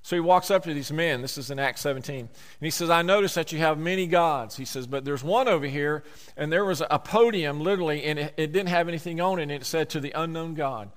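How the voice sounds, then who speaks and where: A man preaching a sermon, emphatic, slowing down on key words. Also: on the high side, in a large hall.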